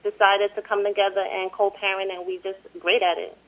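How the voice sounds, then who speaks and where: A soft-spoken woman chatting as a guest and reading a news story aloud. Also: mid-range voice, level tone, brisk. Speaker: show guest and co-host. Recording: tinny phone-line sound.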